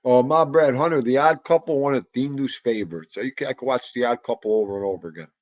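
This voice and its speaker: Rambling, animated man on a livestream. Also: medium pitch, fast, dry recording, highs cut off. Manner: rambling and animated, with sudden loud exclamations. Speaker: livestream host reading viewer comments. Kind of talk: casual livestream chat.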